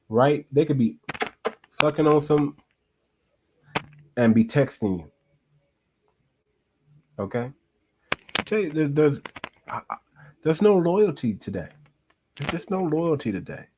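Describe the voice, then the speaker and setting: A man's voice: a little high, background noise. A man hosting a reaction show, giving casual commentary with emphatic repetition and frequent restarts.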